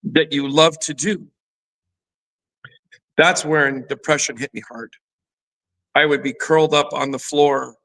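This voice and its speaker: A middle-aged guest, formerly a pro football player and now a fitness trainer, speaks openly in an interview about his own life, scattering "you know" throughout. He talks at a measured pace with frequent pauses in a steady, fairly high, slightly bright voice, and the recording is rough.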